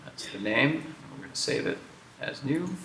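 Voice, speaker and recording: A man's voice: medium pitch, very animated, normal speed, creaky, a bit bright, slight background noise. Joking American man in an echoey room. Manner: joking, teasing, explains features. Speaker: game developer hosting a stream. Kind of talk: casual livestream chat.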